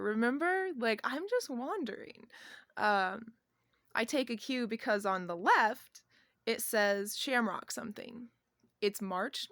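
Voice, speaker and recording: A woman's voice: medium pitch, fairly bright tone, dry recording. Woman rambling thru a story on her vlog, lots of um and like, restarts, dry sound. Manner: rambling and halting, many fillers and restarts, laughing between thoughts. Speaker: vlogger. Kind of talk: casual personal storytelling.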